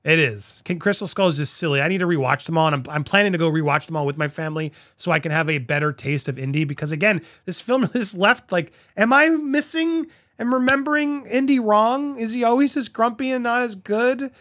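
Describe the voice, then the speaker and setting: High-voiced man reviewing a film. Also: fairly quick, hardly any pauses, no room sound. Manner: conversational, rambling with restarts and asides; animated, voices other people's reactions. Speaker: movie reviewer. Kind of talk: casual spoken film review.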